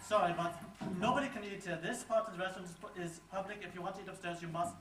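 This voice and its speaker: An actor playing a harried, apologetic waiter in a live student stage play, insisting on the rules. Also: male voice, high voice, fairly even intonation, rapid-fire, fairly bright tone. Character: harried male restaurant waiter, stiff and apologetic. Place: theater stage. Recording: echoey hall from far off, audience and noise.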